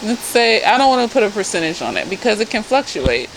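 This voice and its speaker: A woman therapist reviewing a TV episode in casual chat. She is animated and blunt, swears freely and keeps drifting into asides. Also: medium pitch, quick pace, a little hiss or hum, rough recording. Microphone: self-filmed camera.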